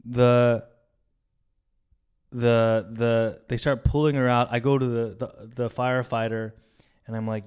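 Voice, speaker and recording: This young co-host has a voice on the low side, clear and resonant, moving at a moderate pace. Retelling a story on his podcast, he gets animated and casual, mimics the voices of those involved, and swears.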